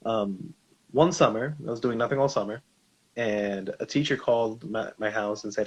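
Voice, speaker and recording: A man's voice: lowish voice, normal speed, husky. A man co-hosting a discussion show, telling a personal story in a casual way and acting out the dialogue. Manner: animated storyteller, acts out quoted dialogue. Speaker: podcast co-host. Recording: slightly dull, lo-fi sound.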